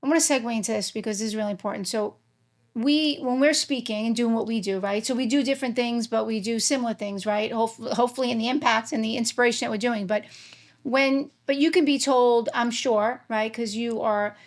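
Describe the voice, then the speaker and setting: A woman's voice: a little high, brisk. A woman hosting a podcast interview, talking casually with many fillers. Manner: chatty, many fillers like "right" and "like". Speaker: podcast host.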